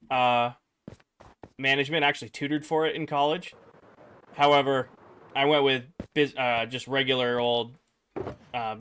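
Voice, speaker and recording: A man's voice: medium pitch, slight background noise. A young man streaming, rambling through a personal story for his chat and acting out the voices of the people in it. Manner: rambling, animated, acts out quoted voices.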